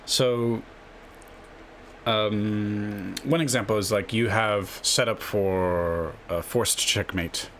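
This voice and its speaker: Brief: low-pitched male chess host, offhand and rambling, slight hiss in the background. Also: steady tone, slow pace, fairly bright tone. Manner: rambling, tags lines with a questioning "yeah?". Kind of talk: casual screen-share explainer.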